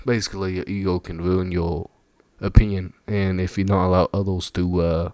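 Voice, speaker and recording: Brief: low-voiced man in a dry, close recording, casual reaction talk full of fillers and laughs. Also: little pitch movement, normal speed, a little mellow, no echo. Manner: rambling, many fillers, laughs often. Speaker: video reactor.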